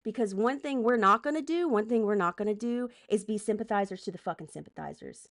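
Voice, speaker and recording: A woman live streamer doing political commentary, heated and profane, breaking off to greet chat and direct moderators. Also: mid-range voice. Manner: heated, profane, rapid asides to chat and mods.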